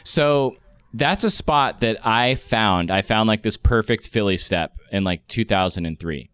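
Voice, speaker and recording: A man's voice: lowish voice, measured pace, a bit bright, smooth, no echo. A man in his forties telling a long anecdote in casual chat, rambling with many restarts and fillers.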